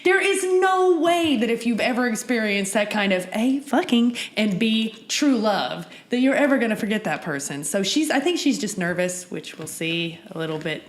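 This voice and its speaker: A young adult woman co-hosting a podcast, recapping a TV episode in an animated, profane way and laughing often. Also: on the high side, normal speed, few pauses. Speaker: podcast co-host. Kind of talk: casual TV recap chat. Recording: echoey room.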